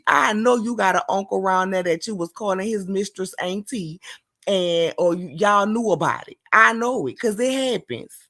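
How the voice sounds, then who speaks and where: Sassy caller, woman with a New Orleans accent, gravelly fry in the voice. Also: mid-range voice, normal speed, a bit bright. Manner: sassy, emphatic, scolding. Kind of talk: call-in commentary.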